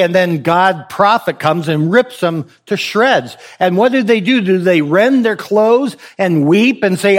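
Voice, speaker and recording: With a high pitch and lively intonation, the pastor preaches a little slowly yet with hardly any pauses. His exhorting sermon to the congregation leans on rhetorical questions and repetition for emphasis.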